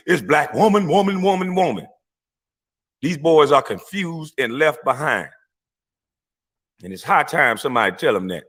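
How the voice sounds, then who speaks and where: A man delivers a heated live-stream rant. His voice sits at an ordinary pitch, blunt and profane, and he swings into loud mocking voices when he quotes his rivals.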